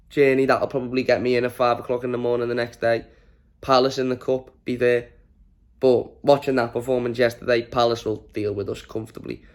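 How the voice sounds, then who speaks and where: A worn-out man rants about his team's loss straight to camera. He sounds exasperated and drained, swears freely, and pitches at an ordinary middle register for a man. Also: a little mellow. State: exhausted from little sleep. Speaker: fan channel host. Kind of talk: post-match reaction rant to camera.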